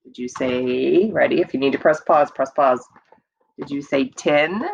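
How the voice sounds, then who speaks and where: With a rumbling low, creaky voice, a female teacher leads little children through an unhurried early reading lesson, repeating words and elongating sounds as encouragement. The audio has its highs cut off and a slight background noise.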